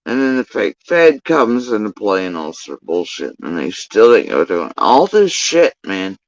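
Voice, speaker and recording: A man's voice: on the low side, big pitch swings, normal speed, no room sound, highs cut off. A man telling a long story in a casual commentary rant, profane, rambling and exasperated.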